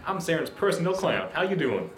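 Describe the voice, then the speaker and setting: A man's voice: fairly high pitch, sing-song, brisk, reverberant, soft background music, pitched above the performer's own voice. A man voicing a brash, cheery male clown in a tabletop game, talking in a folksy, boisterous way.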